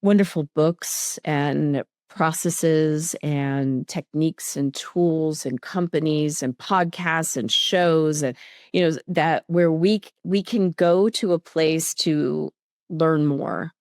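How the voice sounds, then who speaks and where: Animated woman telling stories on a podcast. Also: sits low, slow pace, no echo, clean studio sound. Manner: animated storyteller who acts out her own inner dialogue. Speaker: guest author. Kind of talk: conversational podcast interview.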